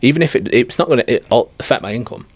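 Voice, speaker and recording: A man's voice: mid-range voice, animated, fast, dry recording. A man talking as a life coach guest on a podcast, blunt, direct and emphatic. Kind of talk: podcast conversation.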